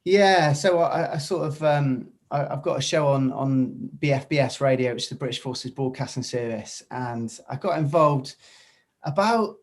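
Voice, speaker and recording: An upbeat Welsh man chats freely as a podcast guest. His voice sits at an ordinary middle pitch, and he greets his hosts loudly and cheerfully before easing into relaxed stories. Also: moderate pace. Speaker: podcast guest, singer and radio presenter. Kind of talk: casual interview chat.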